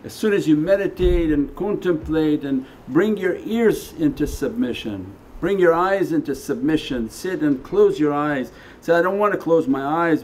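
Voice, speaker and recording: A man gives a spiritual lecture as a Sufi teacher at a meditation center. His voice is mellow and unhurried in tone, conversational, with quiet asides set against emphatic lines. A faint hiss sits under the recording. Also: fairly high pitch.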